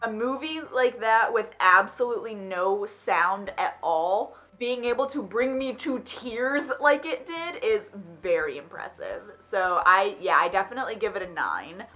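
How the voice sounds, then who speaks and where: Animated young woman reacting out loud. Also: medium pitch, measured pace, hardly any pauses, soft background music. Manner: animated, exclaiming and questioning aloud. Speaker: vlogger reacting to a film. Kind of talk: casual reaction commentary.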